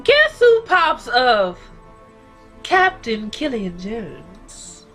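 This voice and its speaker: A woman's voice: on the high side, huge pitch swings, drawn-out words, a bit bright, faint music behind. A woman giving a casual, blunt and profane recap of a TV episode, ranting about the characters. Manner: blunt, profane, sassy commentary. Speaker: TV recap reviewer.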